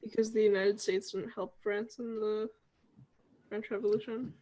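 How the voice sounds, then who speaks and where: A woman's voice: medium pitch, flat delivery, normal speed, dark tone. Student woman answering from far off.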